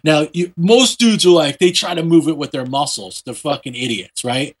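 A man casually retelling a comic book plot in a profane, animated way, slipping into quick voices for the characters. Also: on the high side, slightly rough.

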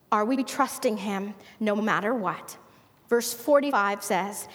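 A woman's voice: fairly high pitch, unhurried, a bit bright, in a large hall. A woman preaching a conversational sermon, asking the listeners questions, then leading a prayer.

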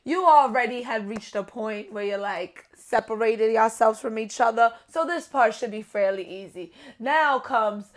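A young woman co-hosting a casual relationship-advice podcast, talking loudly and animatedly and swearing freely. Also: fairly high pitch, moderate pace, hardly any pauses. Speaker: podcast co-host.

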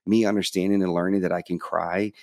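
A man speaks with a fairly low voice, open and frank about his own life. He slips into the voices of people from his story now and then. The sound is dry and close. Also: little pitch movement, quick pace, darkish tone, no echo. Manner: candid storytelling, acts out past dialogue. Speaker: podcast guest. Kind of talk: casual interview chat.

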